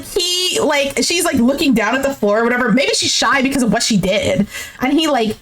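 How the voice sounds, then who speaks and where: A young woman streamer recaps a dating show in a high, swooping voice. She reacts with exasperation and swearing, and she drops into a lower voice to act out what the cast says. A faint noise sits behind her. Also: animated, a little fast. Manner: exasperated, swearing, acts out the cast's lines in a lower voice. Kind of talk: animated reaction commentary.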